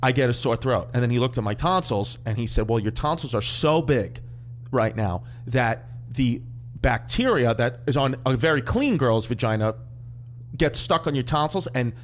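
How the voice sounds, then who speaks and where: Man, New York accent, comedian, podcast storytelling, crude, animated, mid pitch. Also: normal speed, slight background noise. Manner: animated, crude, acts out voices in his stories. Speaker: comedian guest.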